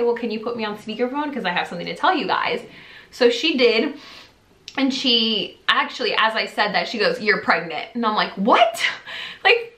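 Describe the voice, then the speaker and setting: A young woman talks straight to the camera from her home office and tells a story in a casual, animated way. She laughs often and jumps up into a higher voice when she acts out what people said. Her voice is bright and carries some echo from the room. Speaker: vlogger. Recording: echoey room.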